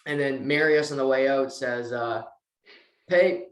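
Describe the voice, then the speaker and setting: A man's voice: mid-range voice, normal speed. Man recapping a show, roomy echo. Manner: animated retelling, acts out quotes. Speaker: podcast co-host. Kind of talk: casual TV recap chat.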